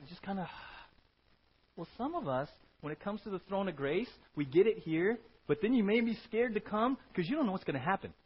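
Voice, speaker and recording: A male pastor preaching a sermon in an animated way, often checking in with "right?", in a dull lo-fi recording. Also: high voice, breathy edge. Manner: animated, keeps asking "right?".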